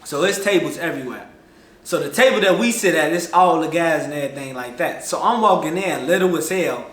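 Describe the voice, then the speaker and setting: A man telling a personal story in an animated, slangy, casual way, jumping between loud outbursts and low mutters. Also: fairly quick, echoey room.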